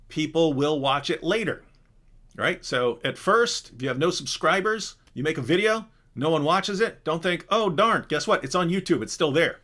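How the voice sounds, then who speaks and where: A man hosting a live question and answer stream, talking casually and animatedly, often breaking off and restarting. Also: on the high side. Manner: animated, rambling, self-interrupting. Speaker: live Q&A host. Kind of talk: casual livestream chat.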